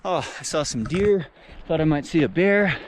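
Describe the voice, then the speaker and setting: A man narrating a trail run out loud in a casual, enthusiastic way, out of breath as he climbs a high mountain trail outdoors. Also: animated, moderate pace, a little hiss or hum. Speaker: trail running vlogger and coach. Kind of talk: casual vlog narration while running.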